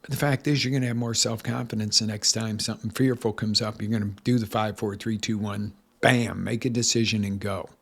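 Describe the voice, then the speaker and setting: A man's voice: on the low side, brisk, creaky, few pauses, breathy edge. A man coaching a listening audience, talking with energy and emphasis as he tells a story. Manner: energetic, emphatic, tells stories with acted quotes. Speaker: life coach. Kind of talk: motivational talk.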